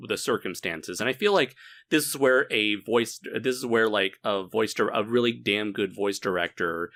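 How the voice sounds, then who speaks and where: A man in a casual group chat, speaking in a measured, diplomatic way. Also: fairly low pitch, a bit bright, no echo. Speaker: guest discussing animation. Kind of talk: casual discussion.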